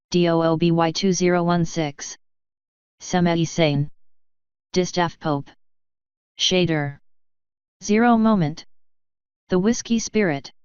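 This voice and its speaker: A woman reads out a long list of names in a slow, even cadence, her voice smooth and resonant and a little low for a woman. The recording is dry and dull. She sounds like the regular reader of a fanfiction audio channel. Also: dry recording. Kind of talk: reading a list of supporter names.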